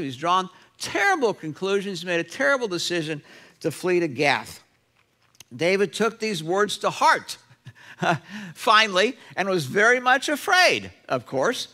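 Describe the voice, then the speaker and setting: A middle-aged male pastor delivering a sermon, his high voice swinging up and down as he tells stories. His tone is bright and forceful. He slips into quick impressions of the people he quotes. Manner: animated preacher acting out quoted voices. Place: church sanctuary.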